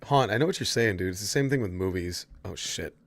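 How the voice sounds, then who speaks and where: A man's voice: lowish voice, animated, brisk, no echo. A man casually chatting to his viewers while playing a horror game, swearing freely and answering chat. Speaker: streamer. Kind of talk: casual gameplay commentary.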